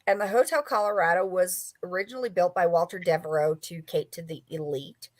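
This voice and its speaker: A woman's voice: lowish voice, a little fast, no echo. A woman author talking as a guest, rambling through a story with lots of fillers. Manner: rambling, filler-heavy, chatty. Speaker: author and paranormal investigator guest. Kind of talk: casual storytelling interview.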